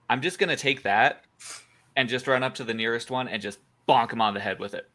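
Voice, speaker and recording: A man playing in a tabletop game, calmly describing what his character does. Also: mid-range voice, moderate pace. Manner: relaxed, storytelling his moves. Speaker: player. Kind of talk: tabletop role-play chat.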